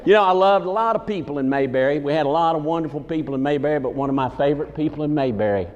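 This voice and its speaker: Racing along in a fairly high voice, this Southern-accented comic entertainer tells folksy stories in character and pokes fun at people in the audience. It's stand-up in a big conference hall with a live crowd; the sound is echoey, with the highs cut off.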